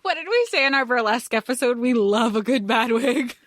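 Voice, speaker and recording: A woman's voice: fairly high pitch, expressive, fairly quick, a bit bright, dry recording, clean studio sound. A young woman co-hosting a podcast, making wry, joking asides while recapping a movie. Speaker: podcast co-host. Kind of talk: casual chat recapping a movie.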